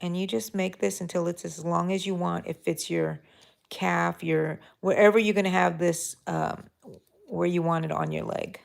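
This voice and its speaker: A middle-aged woman hosting a live crochet tutorial, talking softly and mellowly, sometimes drifting into a whisper as she works. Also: lowish voice, fairly even intonation, moderate pace, vocal fry. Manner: soft, mellow, drifting into whispers while counting stitches. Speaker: crochet channel host.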